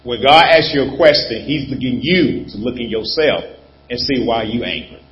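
A man's voice: medium pitch, normal speed, slight background noise. Emphatic male pastor, muffled recording. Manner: emphatic, repeats his points. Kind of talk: sermon.

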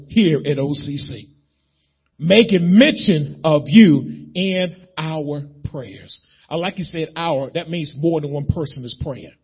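A man preaching a sermon as pastor of a church, swelling into shouts as he acts out prayers to God. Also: a little high, husky, lo-fi sound.

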